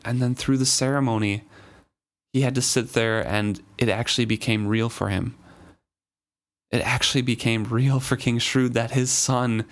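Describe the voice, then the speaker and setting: A man hosting a book discussion, reading passages aloud and talking through them earnestly. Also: mid-range voice. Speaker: podcast host discussing a novel. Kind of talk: casual chat and reading aloud.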